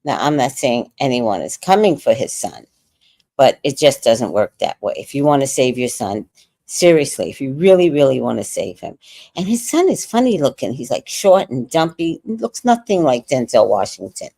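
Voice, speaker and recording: A woman's voice: extremely low pitch, big pitch swings, moderate pace, dark tone, no echo. A woman in her sixties hosting a casual livestream, reading viewer comments aloud and chatting about movies. She says she is tired. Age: 60s. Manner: chatty, reacts to viewer comments with laughter and sudden sung bits. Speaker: livestream host reading chat.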